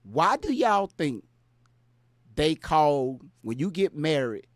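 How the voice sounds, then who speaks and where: A man's voice: on the high side, sing-song, takes it slowly, no room sound, studio quality. A man hosting a casual livestream, talking with viewers in the chat. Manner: mumbling and trailing off into fillers, then laughing and ranting loudly. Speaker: livestream host.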